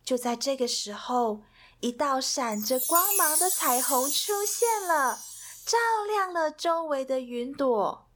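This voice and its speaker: Woman reading a kids' picture book, slow and sing-song, kinda high voice. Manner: expressive, soothing bedtime-story delivery. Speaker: storybook reader. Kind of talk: storybook read-aloud.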